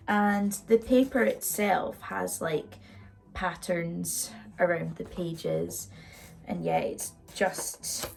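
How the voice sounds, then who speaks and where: Young woman, gravelly fry, mid pitch, chatty and rambling, casual makeup vlog. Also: animated, takes it slowly, darkish tone, soft background music. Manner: chatty and open, rambling with fillers. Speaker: vlogger. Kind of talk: casual get-ready-with-me chat. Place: indoors at home, doing makeup.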